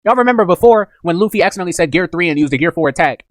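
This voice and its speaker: A man's voice: high voice, lively intonation, rapid-fire, no room sound. A man casually reacting to a manga chapter, slangy and joking, jumping in and out of character voices.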